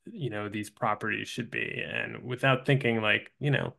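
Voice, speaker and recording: A man hosting a casual talk, relaxed and a bit hesitant, laughing along with his guest. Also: lowish voice, moderate pace, vocal fry. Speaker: podcast host. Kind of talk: casual chat.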